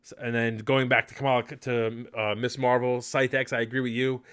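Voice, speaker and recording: A man's voice: medium pitch, level tone, fairly quick, a bit bright, smooth. A man hosting a casual live podcast, chatty and enthusiastic, rambling with fillers. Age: adult. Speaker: podcast host.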